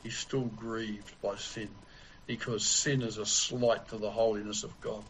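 A man preaching a sermon in a slow, deliberate way with long pauses. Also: on the low side, flat delivery, a bit bright, a little hiss or hum, rough recording.

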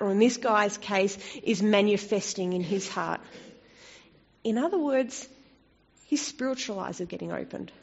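A woman preaching a sermon in a conversational way, turning expressive when she quotes scripture. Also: fairly high pitch. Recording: dull lo-fi recording.

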